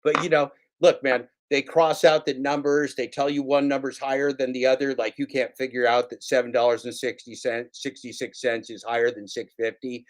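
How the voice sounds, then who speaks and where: A man hosting a casual livestream, ranting sarcastically with plenty of swearing and repeating his own lines for effect. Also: mid-range voice. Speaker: livestream host.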